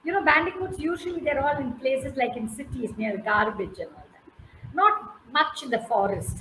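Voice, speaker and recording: A woman's voice: high voice, expressive, moderate pace, bright, forceful tone, echoey room, slight background noise, poor audio. A woman with an Indian English accent telling a story to a class, coaxing answers and praising listeners by name. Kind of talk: interactive storytelling with questions to listeners.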